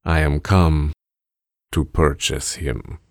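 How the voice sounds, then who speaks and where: A man's voice: rumbling low, steady tone, takes it slowly, vocal fry, no room sound, studio quality, full character voice. Man doing a stiff, formal Romanian stranger. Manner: stilted, formal and quiet.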